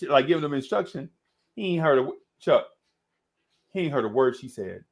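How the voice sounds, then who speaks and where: A middle-aged man telling a story in an animated, casual way, laughing often and calling his listener "bro.". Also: on the high side, brisk. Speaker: podcast host.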